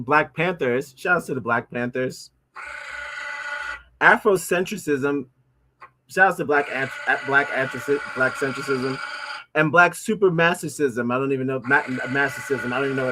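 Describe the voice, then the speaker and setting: Male streamer, casual live commentary, mid-pitched voice, rambling delivery that trips over words, sarcastic asides. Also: fairly bright tone. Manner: rambling, stumbling over words while reading aloud. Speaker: livestreamer.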